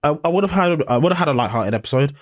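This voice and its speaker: A man's voice: a little high, expressive, racing, no room sound. A man co-hosting a podcast in casual review chat, blunt and swearing, often acting out imagined scenes. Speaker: podcast co-host.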